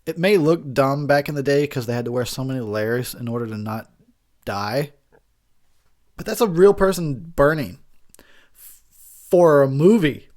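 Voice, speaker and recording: A man, drunk, giving a rambling, crude commentary over a movie, laughing often as he talks. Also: fairly high pitch.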